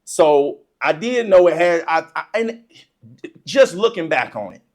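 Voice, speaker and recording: An animated storyteller telling a funny childhood story, laughing often and acting out the excitement in casual, informal speech. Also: medium pitch, a little slow. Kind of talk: comedic personal storytelling.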